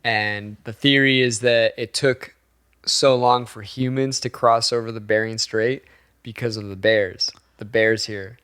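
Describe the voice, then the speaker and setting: A man's voice: lowish voice, steady tone, a little slow, a bit bright, clear, resonant tone. A man co-hosting a casual podcast chat, telling stories in a laid-back way, swearing freely and laughing often. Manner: laid-back, profane storytelling with frequent laughs. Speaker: podcast co-host.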